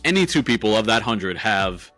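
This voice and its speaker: Bright-voiced man, casual podcast chat. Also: lowish voice, very animated, moderate pace, faint music behind. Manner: laughs often, loose and profane. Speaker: podcast co-host.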